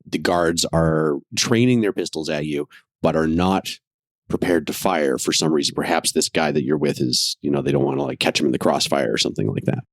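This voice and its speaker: A man's voice: extremely low pitch, a little fast, gravelly, no echo, clean studio sound. A man narrating as game master of a tabletop western game, describing scenes with musing, hedging asides.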